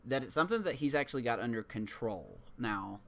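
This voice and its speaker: A man's voice: medium pitch, expressive, brisk, vocal fry. A man co-hosting a sports podcast in loose, rambling, jokey casual chat. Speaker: podcast co-host.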